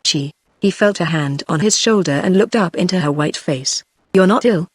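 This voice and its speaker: A text-to-speech voice reading a novel aloud as narrator, in an even, machine-read delivery. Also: mid-range voice, moderate pace, dry recording, studio quality. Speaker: audiobook narrator.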